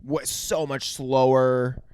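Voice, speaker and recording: A man's voice: medium pitch, level tone, slow pace, a little mellow, clear, resonant tone. A man co-hosting a podcast, chiming in with short, laid-back and sometimes profane remarks about a movie. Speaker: podcast co-host. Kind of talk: casual movie review chat.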